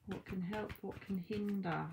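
A woman giving a casual oracle card reading at home, chatty and blunt, with swearing and lively asides. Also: medium pitch, unhurried, a little hiss or hum. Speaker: psychic card reader. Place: at home by window blinds.

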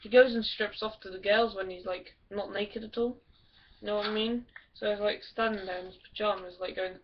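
A woman's voice: medium pitch, level tone, a little fast, background noise. Giggly crude woman, distant mic. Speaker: gamer. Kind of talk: rambling game commentary. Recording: distant dull mic with music.

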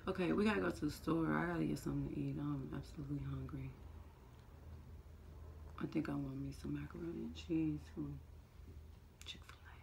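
A woman's voice: deep voice, steady tone, fairly quick, vocal fry, pauses often, a little mellow, a little hiss or hum. A woman vlogging at home by a window, chatting to her dogs in playful, coaxing baby talk. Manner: playful, sing-song, coaxing. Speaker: pet vlogger.

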